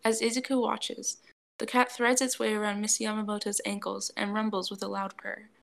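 A woman narrating a fan fiction audiobook, reading in a gentle, even way and voicing a soft-spoken young man's lines. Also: mid-range voice, moderate pace, gravelly.

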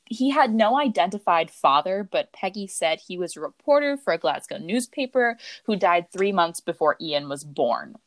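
An American woman hosting a casual podcast, chatty, with lots of fillers and quick jokes. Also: lowish voice, expressive, no echo. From United States. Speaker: podcast host. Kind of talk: casual true-crime chat.

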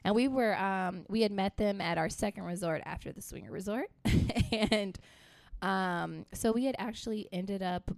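A young woman chatting casually as a co-host, relaxed and talkative, with frequent fillers. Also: medium pitch, moderate pace, creaky, dry recording. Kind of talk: casual chat.

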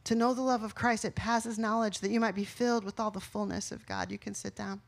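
A woman's voice: mid-range voice, steady tone, a little fast, creaky. Impassioned woman preacher. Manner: impassioned preaching, rhetorical questions, swings from soft to loud. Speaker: pastor. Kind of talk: sermon.

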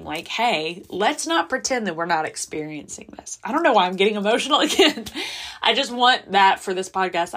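Earnest, low-voiced woman podcaster. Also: a bit bright. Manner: candid and earnest, with trailing pauses and restarts. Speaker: podcast host. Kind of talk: personal reflective monologue.

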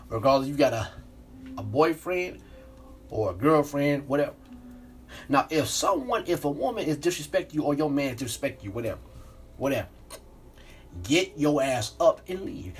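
A man's voice: fairly high pitch, very animated, moderate pace. A man hosting a podcast, delivering a blunt, profane, repetitive rant about breakups. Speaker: podcast host. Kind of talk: unscripted relationship rant.

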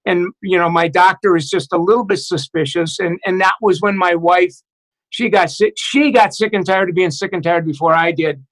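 High-voiced man telling his story haltingly. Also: fairly bright tone, low-quality recording. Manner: halting, many restarts and fillers, reflective. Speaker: guest. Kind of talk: personal recovery story in conversation.

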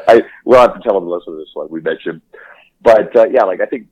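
A man co-hosting a podcast in casual chat, enthusiastic and quick to laugh, swearing freely. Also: deep voice, dry recording, muffled recording. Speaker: podcast co-host.

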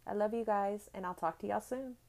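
A woman's voice: mid-range voice, a little fast. Woman host of a devotional podcast; earnest, heartfelt delivery that builds when quoting scripture. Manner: earnest, heartfelt, repeats phrases for emphasis; swells louder when reading scripture. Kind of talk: devotional encouragement talk.

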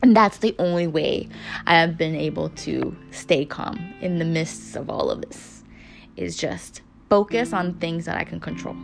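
A young woman hosts a podcast, offering a candid, casual motivational talk that swears freely and repeats phrases for emphasis. Her voice runs low with vocal fry, and music plays underneath.

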